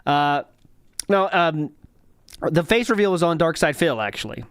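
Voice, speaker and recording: A man's voice: fairly high pitch, expressive, unhurried, fairly bright tone, clear, resonant tone, no room sound, clean studio sound. A man hosting a podcast, rambling with many fillers as he comments casually on old video footage. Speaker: podcast host.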